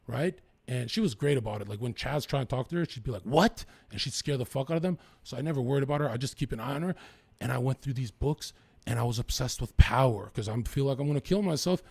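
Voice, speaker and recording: Gravelly, husky-voiced young man. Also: medium pitch, darkish tone. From Lower Mainland, British Columbia, Canada. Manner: rambling, profane storytelling. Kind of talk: casual podcast chat.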